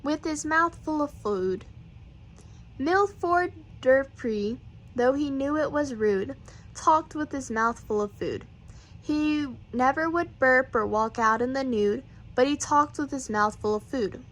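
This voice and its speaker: A woman with a high voice reads children's poems aloud. She keeps a bouncy rhythm and gives each line playful, expressive emphasis. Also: slow, poor audio. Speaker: reader.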